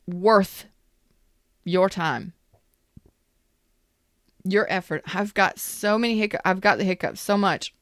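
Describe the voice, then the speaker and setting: Smooth-voiced woman giving a tarot reading. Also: on the low side, fairly bright tone, no room sound, clean studio sound. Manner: chatty, repeats questions, frequent restarts. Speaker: tarot reader. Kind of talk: casual spoken tarot reading.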